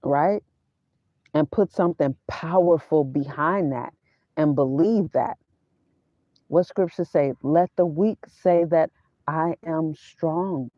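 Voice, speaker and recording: A woman's voice: deep voice, takes it slowly, warm tone, no room sound. Woman preaching casually in a dry van. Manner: preachy, quotes scripture, casual slang. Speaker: vlogger. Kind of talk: casual spiritual talk. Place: inside her van. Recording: dull, dry sound.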